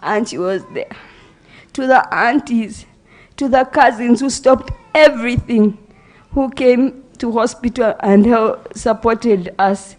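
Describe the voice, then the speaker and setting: A grieving woman giving a halting, emotional eulogy for her brother. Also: fairly high pitch, a little mellow. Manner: emotional, halting, voice breaking at times. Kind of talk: funeral eulogy.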